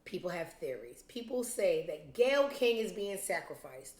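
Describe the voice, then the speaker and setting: A woman's voice: lowish voice, big pitch swings, moderate pace, darkish tone. Blunt, sarcastic woman host in an echoey room. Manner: blunt, profane and sarcastic, talks straight to viewers. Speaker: show host. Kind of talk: casual commentary vlog.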